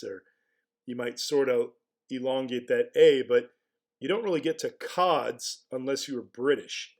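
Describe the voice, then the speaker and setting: A man at a mid-range pitch gives casual spoken commentary as a blogger. He wonders aloud as he goes, putting rhetorical questions to the listener and stumbling back over his words before he pushes on. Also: moderate pace, darkish tone. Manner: musing, asks rhetorical questions, frequent restarts.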